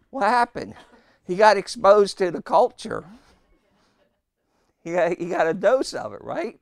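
A man's voice: high-pitched, animated, measured pace, gravelly, long pauses, dry recording, clean studio sound. A man preaching a sermon, telling anecdotes with rhetorical questions and acted-out quotes.

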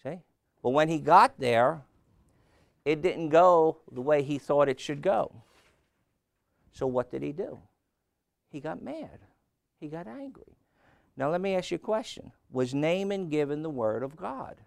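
A man's voice: on the high side, expressive, measured pace, vocal fry, pauses often, no echo, studio quality. A man preaching a sermon who keeps asking the congregation questions, raising and dropping his voice as he goes.

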